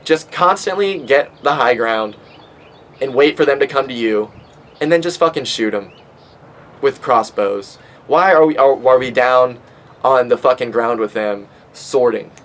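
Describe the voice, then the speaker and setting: A young man in his twenties talks loosely on his own podcast, swearing freely and circling through fillers. He sounds stoned and unhurried, with a mid-range voice. Faint background noise sits under the recording. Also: mid-range voice, fairly bright tone, low-quality recording. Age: 20s. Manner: profane, rambling, with many fillers. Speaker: podcast host. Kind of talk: casual rambling monologue.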